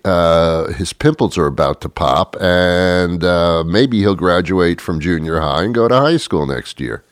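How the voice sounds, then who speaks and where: Very deep-voiced sarcastic male host. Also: no echo, studio quality. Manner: mocking, chuckling often. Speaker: political commentary host. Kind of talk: sarcastic political monologue.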